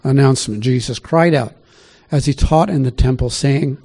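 With a dark, mellow, slightly rough voice at mid pitch, a male pastor teaches scripture at normal speed. His sermon is relaxed and conversational, and he frequently stops to ask his listeners questions.

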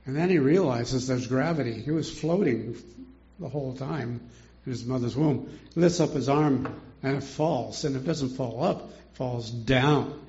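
Older man teaching with a gravelly voice. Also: mid-range voice, unhurried, a little mellow, muffled recording. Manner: chatty, rhetorical questions, chuckles often. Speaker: Bible teacher. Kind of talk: informal Bible study teaching.

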